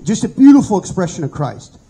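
A man's voice: sits high, very animated, fairly quick, warm tone, slightly rough, rough recording. A middle-aged man telling his own testimony in an earnest, conversational way as a Bible study teacher.

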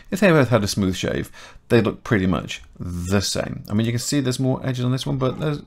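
Gravelly low-voiced man teaching software. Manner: chatty and self-correcting, talking through each step. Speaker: 3D modelling tutor. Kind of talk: casual screen-recorded software tutorial.

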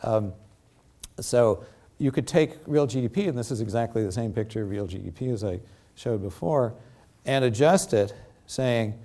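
An older man giving an academic lecture with slides, halting often and filling pauses with many ums and restarts. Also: medium pitch, mellow. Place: lecture theatre.

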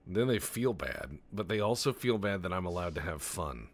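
Deep-voiced, animated let's-play guy. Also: moderate pace. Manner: rambling, profane, jokey, tosses in goofy voices. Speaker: gaming channel host.

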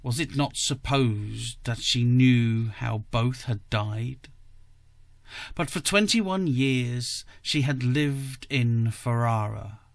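A male podcast host reads a short story in a measured, careful manner. His pace is slow and unhurried. The recording is dry with no room sound, at a mid pitch. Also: gravelly, dry recording.

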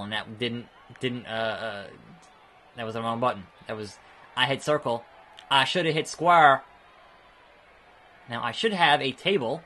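A young man giving let's-play commentary on a game, excitable and cursing freely, with sudden outbursts at the screen. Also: medium pitch. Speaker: gaming channel host.

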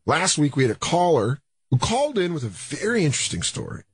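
A man co-hosting a comedy radio show in casual banter, with a low, gravelly voice he calls a caveman voice, joking and riffing playfully. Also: sing-song, quick pace, no room sound. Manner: playful, joking, riffs and does mocking voices.

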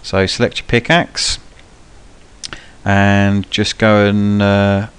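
Speaking slowly in a smooth, level, lowish voice, a young man from a gaming channel talks through a gameplay tutorial live. His commentary is casual and meandering, with plenty of ums and some cheeky swearing.

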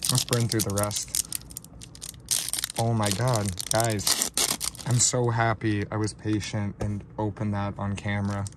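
A man hosting a casual card-opening vlog, talking in a slow, low-key way and getting shaky and overwhelmed with excitement. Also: heavy background noise. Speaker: card-breaking channel host.

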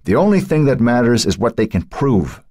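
A man voicing a calm, firm lawyer who speaks reassuringly, in an audiobook. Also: medium pitch, moderate pace, dry recording, studio quality, voice pushed up. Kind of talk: audiobook character voice.

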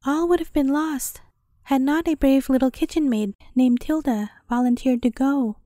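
A woman's voice: high voice, normal speed, warm tone, dry recording, studio quality, close to an everyday voice. A woman voicing a grieving old peasant woman in a storybook tale, telling her woes in a lamenting, pleading way.

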